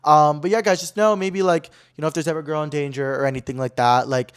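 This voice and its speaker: A man's voice: a little high, fairly even intonation, fast, smooth. A young man hosting his own podcast, telling a story in a casual, dramatic way full of "like" fillers. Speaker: podcast host.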